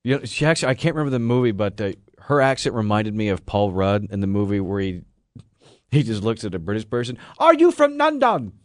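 Low-voiced wry male co-host. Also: quick pace, a little mellow, no room sound, studio quality. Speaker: radio co-host. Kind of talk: morning radio banter.

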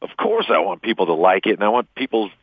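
A musician answering interview questions in a halting way, repeating words as he searches for them, heard in a played clip. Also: fairly low pitch, huge pitch swings, breathy edge, dry recording. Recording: tinny phone-like audio clip.

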